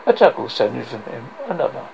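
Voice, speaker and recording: A man's voice: medium pitch, sing-song, brisk, vocal fry, darkish tone, highs cut off, a little hiss or hum. A man reading a novel aloud in a dramatic way, with occasional slips and restarts. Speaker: reader.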